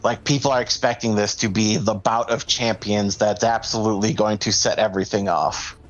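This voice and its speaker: A man's voice: lowish voice, fairly even intonation, brisk, dull audio. A man narrating a tabletop game as game master, loose and casual with lots of fillers.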